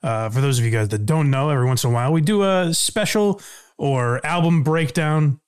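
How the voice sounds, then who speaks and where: A man's voice: on the high side, brisk, clear, resonant tone. A man hosting a podcast in a casual, reflective, conversational way. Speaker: podcast host. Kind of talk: casual chat.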